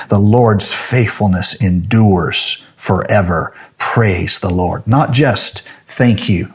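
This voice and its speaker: Male pastor, husky voice, lowish pitch, conversational sermon, halting with fillers. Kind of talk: sermon devotional with closing prayer.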